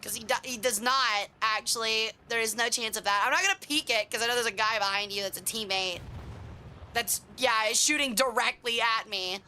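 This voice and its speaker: A young woman streaming a tank game, chatting with viewers and swearing excitedly as she plays. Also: fairly high pitch, a little fast, slight background noise. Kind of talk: casual live gameplay commentary.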